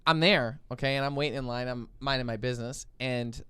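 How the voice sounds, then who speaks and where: A man hosting a podcast, telling a story in casual chat, animated and laughing often. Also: mid-range voice, a little fast, clean tone, dry recording. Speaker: podcast host.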